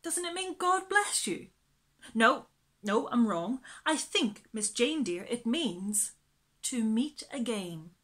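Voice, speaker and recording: A woman voicing a bustling elderly household cook in a storybook, loud and fussy. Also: a little high, lively intonation, takes it slowly, heavily acted. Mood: flustered.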